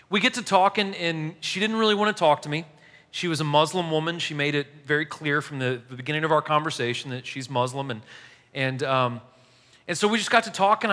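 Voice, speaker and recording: A man preaching a sermon, telling a story in a casual, animated way and laughing along as he goes. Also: fairly high pitch. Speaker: pastor. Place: church hall. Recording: echoey hall.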